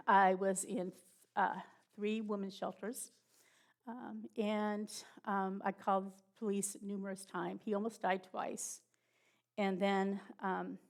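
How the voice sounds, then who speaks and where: Gravelly-voiced woman giving a halting testimony. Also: medium pitch. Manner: halting, with many fillers and restarts, emotional. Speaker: church speaker giving testimony. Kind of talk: personal testimony.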